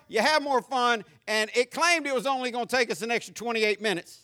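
A man's voice: extremely high pitch, expressive, fast, few pauses, pushed and bright. A middle-aged man with a Southern US accent, preaching a sermon as a pastor and telling humorous stories to his congregation.

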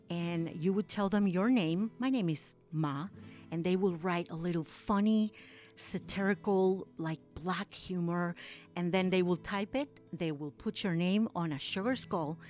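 A woman's voice: fairly low pitch, a little mellow. A woman from Mexico, a guest on a radio show, talking in a heartfelt way with small restarts. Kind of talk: casual radio conversation.

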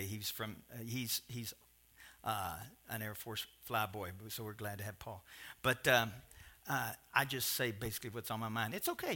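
A man in his sixties preaching a sermon, telling stories in a rambling, animated way with asides and restarts. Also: fairly high pitch. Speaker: pastor. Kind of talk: sermon storytelling.

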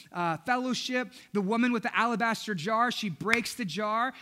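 Male pastor, high and bright, emphatic sermon preaching. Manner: energetic, repetitive emphatic preaching, acting out the disciples.

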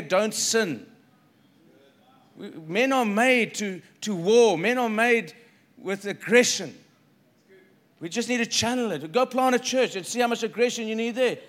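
High-voiced preacher, man, emphatic. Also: a bit bright. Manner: emphatic, repeats phrases, acts out quoted dialogue. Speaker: pastor. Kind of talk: sermon.

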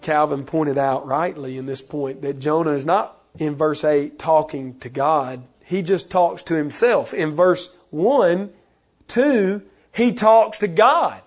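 A married man preaching a sermon, animated and acting out the voices he quotes. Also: on the high side, slow pace. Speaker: pastor.

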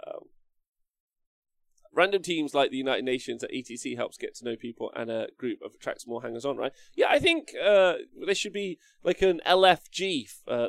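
A man's voice: medium pitch, creaky, no room sound, clean studio sound. A young man hosting a casual livestream, rambling, reading chat comments aloud and swearing freely. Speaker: livestream host.

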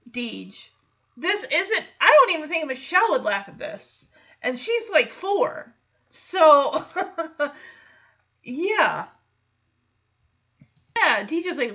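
Animated woman recapping a show, lo-fi. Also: high voice. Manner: animated, acts out characters in quick asides, laughs often. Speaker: recap commentator. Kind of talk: casual episode recap. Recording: lo-fi muffled audio.

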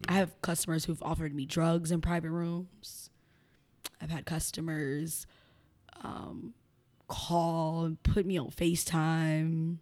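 A young woman with a fairly low voice talks to an interviewer in a blunt, candid way. She is frank and laughs often as she speaks. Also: level tone, slow pace, darkish tone. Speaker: podcast guest, entrepreneur.

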